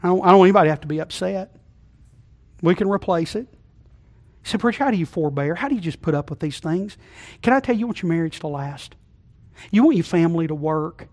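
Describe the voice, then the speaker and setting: High-voiced folksy preacher, loud to hushed. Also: male voice, animated, quick pace, pauses often. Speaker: pastor. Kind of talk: sermon. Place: church sanctuary.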